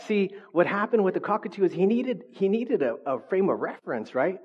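A pastor giving a sermon in a conversational way, often checking in with "right?". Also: male voice, high-pitched, expressive, fairly quick, highs cut off. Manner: conversational, frequent "right?" tags.

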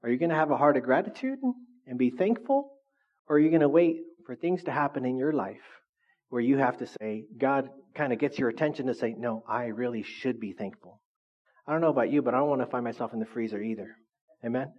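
Casual pastor, mid-pitched man, chatty sermon delivery, dull lo-fi recording. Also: animated, fast. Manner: conversational, frequent "right?" tags.

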